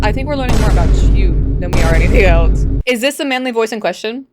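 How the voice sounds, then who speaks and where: A woman's voice: medium pitch, animated, fairly quick, few pauses, loud music behind the voice. A young adult woman giving sarcastic, incredulous commentary in a vlog. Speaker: commentary vlogger. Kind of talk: opinionated commentary.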